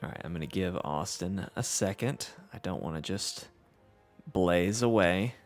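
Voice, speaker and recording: A man with a Southern drawl chats casually while he streams a game, reading viewers' messages back and poking fun at himself. His voice sits low with a gravelly fry. Faint game music plays behind him. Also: lively intonation, measured pace. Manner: easygoing, reads chat aloud, self-deprecating. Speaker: livestream host. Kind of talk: casual gameplay livestream chat.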